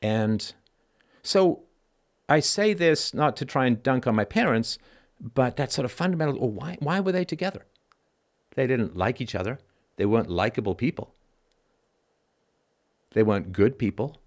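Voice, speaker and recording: A man's voice: medium pitch, expressive, moderate pace, long pauses. Blunt, emphatic middle-aged man hosting a call-in show. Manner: emphatic and blunt, swears, keeps asking "right?". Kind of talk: conversational call-in monologue.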